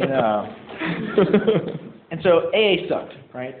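A man's voice: mid-range voice, expressive, a little slow, pauses often, very noisy. A man telling his recovery story to a live audience in a casual, self-mocking way, full of fillers and acted-out quotes. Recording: tinny, echoey hall recording.

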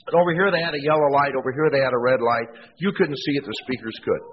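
A man speaking at a recovery meeting who tells a humorous, self-mocking story in an animated way. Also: medium pitch, fast talker. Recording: dull lo-fi tape in a reverberant hall, faint hiss.

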